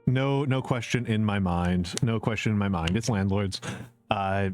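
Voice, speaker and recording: A man's voice: on the low side, measured pace, darkish tone, soft background music. A man streaming a casual question-and-answer chat, opinionated and repeating his points for emphasis, with many fillers. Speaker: VTuber streamer.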